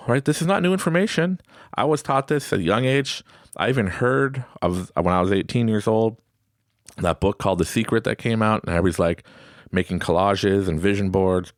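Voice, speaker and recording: Deep, lively man giving a pep talk. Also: no room sound, clean studio sound. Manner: animated storytelling, acts out quoted voices. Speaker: podcast host. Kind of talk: motivational self-help talk.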